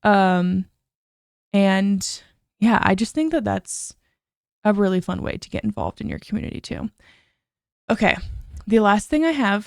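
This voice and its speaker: A woman's voice: medium pitch, a little slow, gravelly, clean tone, dry recording, studio quality. A young woman hosting a podcast, chatting in a bubbly, gushing way full of "like" and "oh my gosh". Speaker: podcast host. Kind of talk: casual chat.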